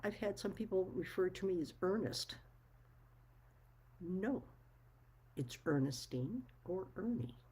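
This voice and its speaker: Blunt, emphatic woman with a low voice. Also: lively intonation, takes it slowly, long pauses, mellow, husky, rough recording. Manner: blunt, frank, swears freely; firm and emphatic. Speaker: vlogger. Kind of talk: casual monologue to camera.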